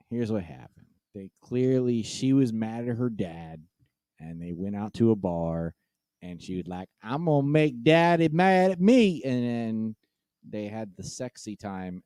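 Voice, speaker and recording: A man's voice: lowish voice, a little slow, dark tone, no room sound, clean studio sound. A man co-hosting a comedy podcast, talking casually with frequent hesitations. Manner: hesitant, many ums and uhs. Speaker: podcast co-host.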